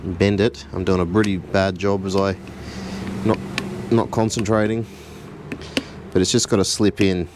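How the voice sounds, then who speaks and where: A man, casually walking through a car repair in his garage, relaxed and chatty with a self-deprecating streak. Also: low voice, a little slow, noisy background. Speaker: home mechanic host. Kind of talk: casual how-to narration.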